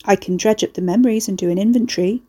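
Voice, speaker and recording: A woman plays a big, gentle house-spirit from a dark storybook. It speaks slowly and haltingly, confused by its own body. The voice is soft and mellow. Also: mid-range voice, slightly rough, natural voice. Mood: helpful. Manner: slow, halting, apologetic. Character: bulky old house in human form, gentle and confused.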